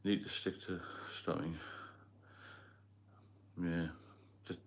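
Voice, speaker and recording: Deep-voiced man with a Geordie-London accent. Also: little pitch movement, slow pace. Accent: Geordie and London mix. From Northeast England. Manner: rambling, reads out viewer comments. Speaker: livestream host. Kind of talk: casual livestream chat.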